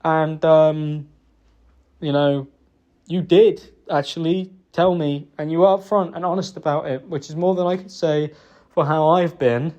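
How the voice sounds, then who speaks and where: A man making a halting, remorseful apology in a private recording, with many pauses and restarts. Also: a little high, fairly even intonation, a little mellow. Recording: dull lo-fi recording.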